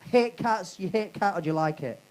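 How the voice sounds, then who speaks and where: High-voiced brash comic. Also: male voice, expressive, a little fast, darkish tone, rough recording. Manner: brash and swearing, teasing the audience. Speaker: stand-up comedian. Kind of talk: live stand-up with crowd work. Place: comedy club stage.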